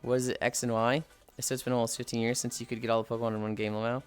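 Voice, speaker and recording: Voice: medium pitch, little pitch movement, racing, clean tone, soft background music. A livestreamer chatting casually with viewers, reading chat aloud and ranting playfully with plenty of swearing. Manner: swears freely, reads and answers chat.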